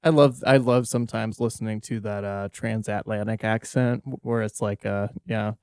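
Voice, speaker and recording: A man's voice: fairly low pitch, fairly even intonation, moderate pace, a little mellow, clean tone, dry recording, studio quality. A young man co-hosting a podcast, easygoing and agreeable in casual chat. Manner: easygoing, agreeable, laughs often. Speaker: podcast co-host.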